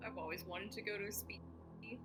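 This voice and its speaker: A woman playing a tabletop role-playing game, tossing out deadpan dark jokes. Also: mid-range voice, fast, soft background music. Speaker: player. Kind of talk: tabletop role-play banter.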